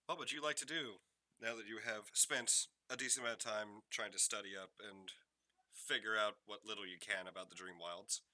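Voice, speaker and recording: A man narrating as game master for a tabletop game, relaxed and conversational with many fillers. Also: fairly low pitch, normal speed, no room sound.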